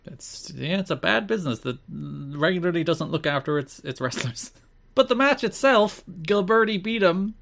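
A man co-hosting a casual podcast, recapping wrestling events with deadpan asides. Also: high voice, normal speed, gravelly. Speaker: podcast co-host.

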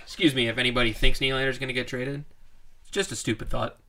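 A man co-hosting a casual sports podcast, opinionated and emphatic, and quick to laugh. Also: medium pitch, steady tone, bright, forceful tone. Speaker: podcast co-host.

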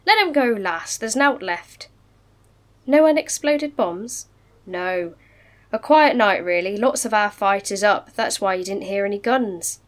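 A woman's voice: mid-range voice, lively intonation, unhurried, close to an everyday voice. Woman voicing northern dad, northern English accent, plain-spoken, reassuring, mid voice. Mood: easygoing.

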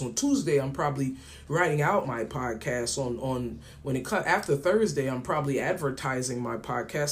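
Rambling, slangy man telling stories. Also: fairly high pitch. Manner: rambling storytelling, acts out both sides of phone calls; loose and colloquial, with frequent slang. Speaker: podcast host. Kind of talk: casual monologue.

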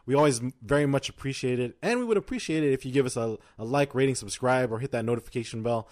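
A man's voice: medium pitch, fast talker. Laid-back young man co-hosting a podcast. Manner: relaxed, laughs often, wraps up the show. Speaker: podcast co-host. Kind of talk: casual chat.

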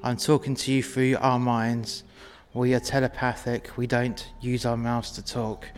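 A man voicing a calm, detached telepathic grey alien that speaks in a low, quiet, measured way. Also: soft background music, close to an everyday voice.

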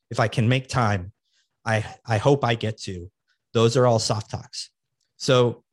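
An earnest man talks listeners through motivational advice on his podcast, coaching and repeating key phrases to drive them home. His voice sits at an ordinary middle pitch for a man. The sound is dry and close, with no room around it. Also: no echo. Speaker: podcast host.

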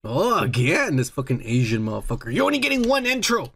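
A man's voice: on the high side, wildly swooping pitch, a little fast, a bit bright, slightly rough. A man co-hosting a podcast, chatting casually in crude, profane, joking banter. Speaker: podcast co-host. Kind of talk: casual chat.

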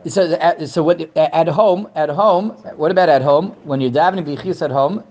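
A man teaching an informal Torah class, halting and repeating words, pushing his voice up to stress a point. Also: on the high side, highs cut off.

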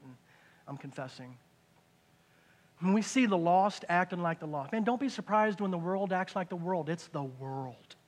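A man preaching a conversational sermon, dropping into hushed asides and rising into loud excited bursts. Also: sits high, slightly rough. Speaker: pastor.

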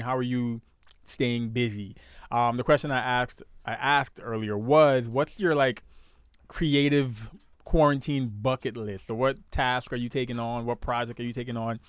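A man's voice: medium pitch, fairly quick, smooth, dry recording, studio quality. A young man casually hosting a live stream with his fiancée, teasing her and greeting viewers, often repeating words as he talks. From Guyanese heritage.

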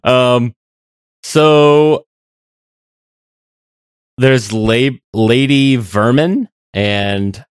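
A man co-hosting a casual podcast chat, rambling and hesitant with frequent pauses to find his words. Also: mid-range voice, clear, resonant tone, no echo, studio quality. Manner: rambling, hesitant, many fillers and restarts. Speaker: podcast co-host.

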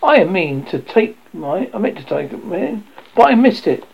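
A man's voice: sits high, very animated, normal speed, gravelly, darkish tone, husky, dull audio, pitched above the performer's own voice, heavily acted. A man voicing a pompous, proud father who blusters and sulks in a storybook reading. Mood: blustering. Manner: blustering, huffy.

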